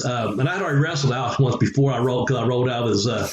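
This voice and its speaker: A man's voice: medium pitch, rapid-fire, roomy sound, highs cut off, crowd noise. A man, a former wrestler, telling stories in a rambling, chuckling way and acting out quoted voices. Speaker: podcast co-host, former wrestler. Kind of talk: casual storytelling chat.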